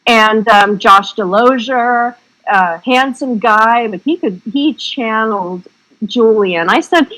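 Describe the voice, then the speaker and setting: A woman's voice: fairly high pitch, takes it slowly, fairly bright tone, poor audio. A woman guest on an interview podcast, chatting casually and rambling through her stories. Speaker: guest filmmaker.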